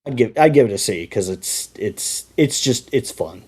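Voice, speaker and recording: A man co-hosting a casual talk show, mid-pitched and lively. He gets animated and mocking as he talks, swearing freely. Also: normal speed, slightly rough. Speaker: co-host. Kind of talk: casual chat.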